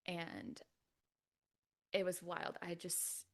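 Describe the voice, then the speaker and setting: A woman's voice: lowish voice, fairly even intonation, extremely slow, creaky. A woman from California, a podcast guest telling her birth story in a casual, chatty way, often dropping to a near-whisper and laughing between lines full of "like". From California, USA. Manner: soft-spoken, often drops to a near-whisper; chatty, frequent "like" fillers and laughs.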